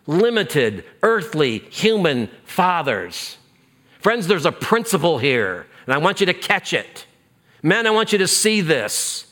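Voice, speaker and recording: Lively, bright-voiced preaching man. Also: fairly high pitch. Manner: emphatic preaching with repetitions, dropping to a hush on key phrases. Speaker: pastor. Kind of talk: sermon.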